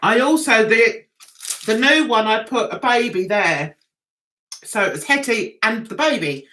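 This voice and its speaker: A woman's voice: a little high, expressive, unhurried, a bit bright, a little hiss or hum, low-quality recording. A woman with an English accent, chatting casually to viewers on a livestream in a rambling way while losing her voice. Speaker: livestream host.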